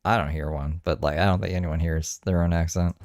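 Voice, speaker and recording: Deep-voiced dry man. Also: fairly even intonation, fairly quick, a little mellow, slight background noise. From Ontario, Canada. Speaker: vlogger. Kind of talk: casual chat.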